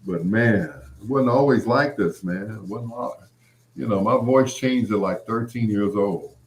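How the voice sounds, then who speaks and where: A middle-aged man, hosting a show and telling stories in an animated way, laughing often and full of "you know" asides. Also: on the low side, unhurried, slight background noise. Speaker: podcast host. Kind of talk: storytelling monologue.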